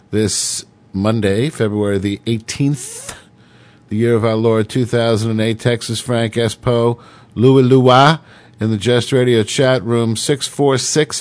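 A man's voice: mid-range voice, a little mellow. A man hosting a radio show, rambling irreverently and reading news items with sarcastic, crude asides. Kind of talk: casual talk radio monologue.

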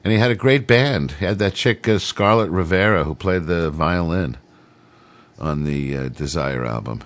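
A man's voice: low voice, expressive, moderate pace. A middle-aged man hosting a radio show, rambling casually between songs with lots of fillers. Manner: rambling, laid-back, many fillers.

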